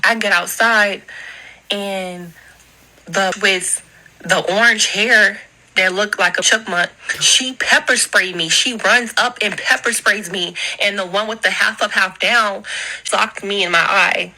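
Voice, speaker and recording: A woman's voice: mid-range voice, fairly even intonation, takes it slowly, bright, forceful tone, low-quality recording. A young woman recounting a recent incident straight to camera, upset and heated, speaking bluntly and swearing freely. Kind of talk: angry storytelling to camera.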